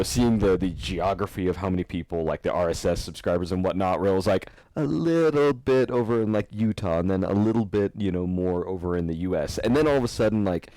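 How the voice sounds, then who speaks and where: A man hosting a podcast, telling stories in a rambling, animated way and laughing often. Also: low-pitched, dry recording. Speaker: podcast host. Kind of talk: casual podcast chat.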